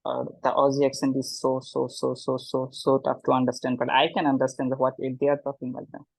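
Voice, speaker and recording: A man from Bangladesh, giving an informal motivational talk in an online webinar, often pausing and repeating words. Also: medium pitch, gravelly, dry recording, low-quality recording. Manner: halting, repeats words, animated when quoting people. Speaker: webinar guest speaker.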